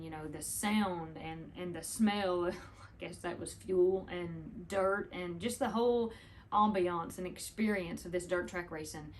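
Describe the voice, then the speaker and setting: A woman's voice: on the low side, slight background noise. A woman, chatting casually to the camera, rambling through a story with laughs. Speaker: vlogger.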